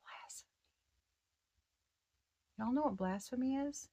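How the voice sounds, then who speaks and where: An excitable woman doing a loose, chatty tarot reading, her voice sitting at an ordinary middle pitch. She talks in slang and swears freely, often cutting herself off and restarting her sentences. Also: a little slow. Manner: slangy and profane. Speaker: tarot reader. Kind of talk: casual spiritual reading.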